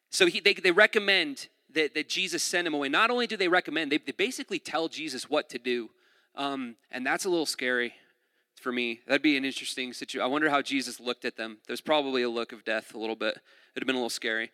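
A male pastor giving a chatty, informal sermon, often saying "like" and restarting his words. His voice sits a bit high, bright and forceful, and it trails off into long reverb in a large hall. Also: quick pace, clean studio sound. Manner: casual, uses "like" often, repeats words. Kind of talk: conversational sermon.

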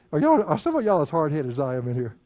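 An older man, preaching a sermon in a folksy storytelling way, laughing often and dropping to a hush. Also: fairly high pitch, no echo, dull audio. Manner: folksy storytelling, laughing, swings from loud to hushed. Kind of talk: sermon with personal stories.

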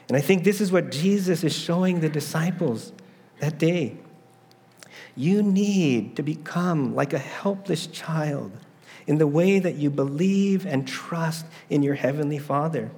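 A man's voice: medium pitch, darkish tone, big-room sound. A middle-aged man preaching a sermon, telling a family story with rhetorical questions. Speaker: pastor.

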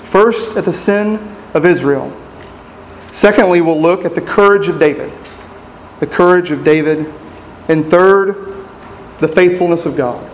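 A man around thirty preaching a sermon from the pulpit, with a slightly high voice. He speaks in a measured, deliberate way and repeats his key points for emphasis. A faint hiss of noise sits under the recording. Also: rough recording. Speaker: pastor.

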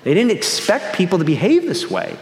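A man's voice: sits high, huge pitch swings, fairly quick, vocal fry. Pastor guy from the northeast, earnest sermon, lots of "and, and" restarts, roomy church sound. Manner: earnest, with repeated restarts and shifting pace. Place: church sanctuary. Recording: echoey hall with long reverb.

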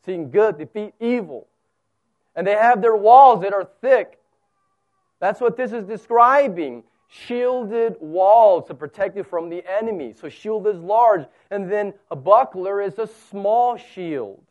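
Male pastor with a high voice, earnest and explanatory in his sermon, heard on a dull recording. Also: lively intonation, measured pace. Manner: earnest, explains scripture plainly, voice swells and drops. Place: church service held in a zoo venue.

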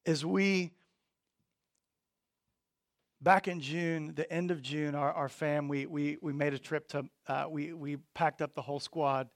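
A man preaching a sermon, earnest, often repeating words and swinging from quiet to emphatic. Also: fairly high pitch, fairly even intonation, normal speed, dry recording, clean studio sound. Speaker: pastor.

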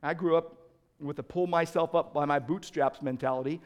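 A man pastor preaching a sermon, earnest and emphatic, building to loud peaks and repeating words as he restarts. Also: a little high, fairly even intonation, moderate pace, clear, resonant tone.

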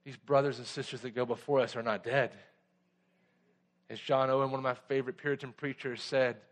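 A man preaching a sermon as pastor, earnest and fervent, dropping to hushed passages. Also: medium pitch, steady tone, brisk.

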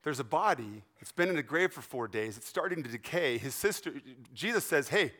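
A male pastor preaching a sermon to his church, earnest and emphatic, often dropping to a hushed, soft delivery. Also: mid-range voice, lively intonation, brisk.

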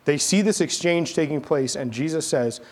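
A man preaching a sermon as pastor, telling stories in a casual, animated, conversational way. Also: fairly high pitch, moderate pace. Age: adult, army veteran.

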